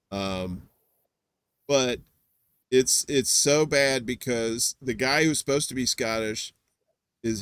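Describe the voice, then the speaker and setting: A man co-hosting a casual podcast chat, rambling and joking, jumping into high squeals for emphasis. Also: clean tone, no echo. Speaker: podcast co-host.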